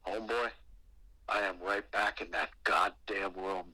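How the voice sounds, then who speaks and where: A man's voice: low voice, steady tone, measured pace, bright, forceful tone, no room sound, poor audio. A man calling into a podcast to tell a frightening personal ghost story, profane and emphatic. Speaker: guest caller telling a ghost story.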